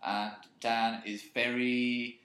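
A man's voice: medium pitch, little pitch movement, slow pace, fairly bright tone, echoey room. A man co-hosting a podcast, teasing his friend with silly hypothetical questions in casual chat. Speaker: podcast co-host.

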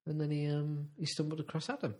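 A man in casual comedic chat, hesitant and rambling with dry, deadpan ideas. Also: on the high side, fast talker.

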